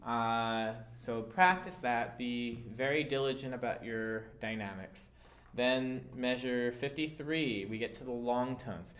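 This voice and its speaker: A man's voice: medium pitch, slow pace, fairly bright tone. A man teaching a violin part, explaining dynamics patiently with occasional fillers. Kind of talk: instrument lesson.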